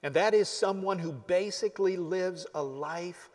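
A man's voice: high-pitched, measured pace, a little mellow. Earnest preaching man in a reverberant hall. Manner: earnest, emphatic preaching with sudden drops to near-whispers. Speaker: pastor. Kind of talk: sermon.

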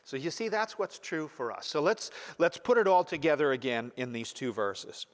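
A man's voice: a little high, animated, normal speed. A man preaching an expository sermon as pastor, emphatic and repeating key words with frequent "you see". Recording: long hall reverb.

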